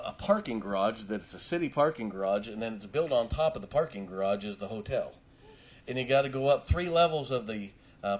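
A middle-aged man from Ohio preaching a storytelling sermon, switching between loud emphatic points and quiet, chatty anecdotes full of fillers. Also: lowish voice. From Canton, Ohio. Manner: folksy, frequent fillers and restarts, chuckles.

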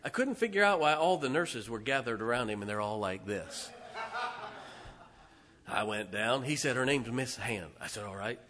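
A man preaching a sermon, telling a story in an animated way with loud bursts and soft asides. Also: medium pitch, normal speed, long pauses, background noise.

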